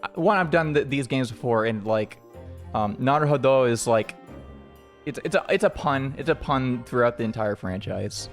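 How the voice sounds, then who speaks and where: Dude rambling while he streams a game, mid-pitched voice, bit of music in the back. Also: animated, normal speed. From United States. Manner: rambling and chatty, with frequent restarts and laughs. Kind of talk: casual chat while playing a game.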